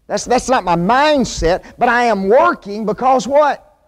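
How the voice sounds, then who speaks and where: A man teaching a Bible class sermon in a church, folksy and animated, often asking the class questions. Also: very high voice, a little slow. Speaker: preacher.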